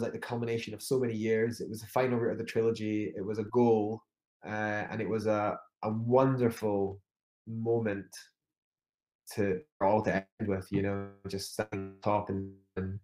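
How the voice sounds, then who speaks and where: Homme écossais au récit hésitant, pièce sonore. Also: male voice, on the low side, darkish tone, roomy sound. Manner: rambling with many restarts and fillers. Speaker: climber guest. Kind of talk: casual interview storytelling.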